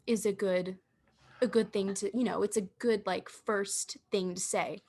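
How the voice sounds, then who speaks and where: A woman's voice: mid-range voice, steady tone, unhurried, warm tone, breathy edge. A young woman co-hosting a casual comedic podcast, dry and teasing as she gives advice. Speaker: podcast co-host.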